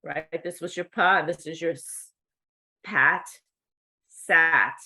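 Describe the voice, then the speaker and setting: A woman's voice: low voice, fairly even intonation, sharp tone. A middle-aged woman teaching cued speech, speaking patiently and checking in with the learner often. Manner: slow, patient, checks in with "okay?". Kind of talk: instructional demonstration.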